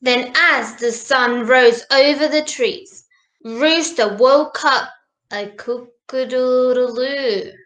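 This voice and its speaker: Woman reading a kids picture book, high bright voice, super slow, echoey room. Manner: slow, sing-song, animated read-aloud. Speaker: storybook reader. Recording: roomy echo.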